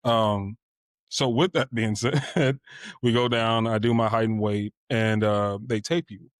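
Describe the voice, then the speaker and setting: A man in his twenties speaks at a measured pace with fairly even intonation and a voice on the low side, candidly reflecting on a personal story for a podcast and using plenty of "you know" fillers. The clean studio sound has no room sound.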